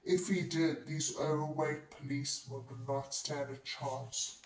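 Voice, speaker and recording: An audiobook narrator reads a novel in the first person, steady and measured. The pace is slow and unhurried. The voice echoes around a roomy space and sounds distant from the microphone. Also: mid-range voice. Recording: roomy echo, distant mic.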